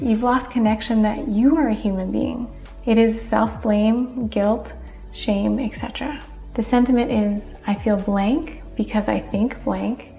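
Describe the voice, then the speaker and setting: A woman narrates a lesson in a calm, measured way, slipping into short example lines as she goes. Her voice sits on the higher side. The recording is roomy, with faint music playing underneath. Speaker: teacher of communication skills. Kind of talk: scripted explanatory narration. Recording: echoey room with faint music behind.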